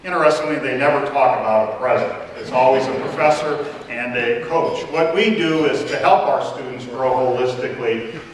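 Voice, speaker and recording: A man giving formal opening remarks at a conference as a college president, measured and pausing with fillers. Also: medium pitch, crowd noise. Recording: echoey hall, distant mic.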